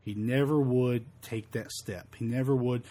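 Quoting scripture in archaic wording, this Bible teacher works through a study verse by verse, frequently stumbling, repeating words, and saying um and uh. His voice is medium in pitch and mellow, with fairly even intonation.

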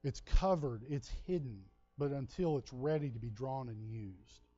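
A man's voice: mid-range voice, expressive, a little slow, dark tone, no echo, muffled recording. A man from Texas with a Texan drawl, preaching a sermon in a folksy, conversational way with asides to the congregation. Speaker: pastor.

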